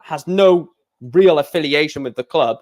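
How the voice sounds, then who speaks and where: A man's voice: a little high, moderate pace, darkish tone. A young man chatting casually on a live stream, rambling with stammered restarts and blunt opinions.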